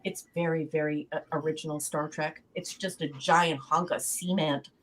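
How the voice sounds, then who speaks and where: A woman's voice: low-pitched, level tone, normal speed, fairly bright tone, a little hiss or hum. A woman on a podcast panel, effusive and chatty, reading out and praising listener comments. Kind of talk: casual podcast discussion.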